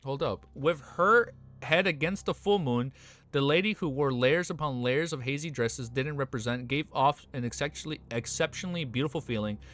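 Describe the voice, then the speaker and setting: A man's voice: mid-range voice, normal speed. Casual man reading a web novel aloud. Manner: slangy, excitable asides. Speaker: web novel reader and reactor.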